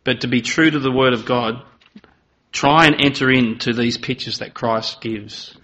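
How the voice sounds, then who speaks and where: A man's voice: mid-range voice, fairly even intonation, normal speed, sharp tone. A man preaching a sermon in an earnest manner, voice rising dramatically when he acts out quoted lines. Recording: slightly dull, lo-fi sound.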